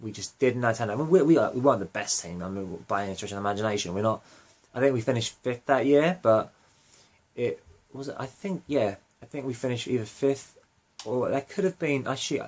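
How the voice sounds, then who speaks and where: A man's voice: medium pitch, expressive, brisk. A young man hosting a fan podcast, rambling casually with lots of fillers and self-corrections. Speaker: podcast host.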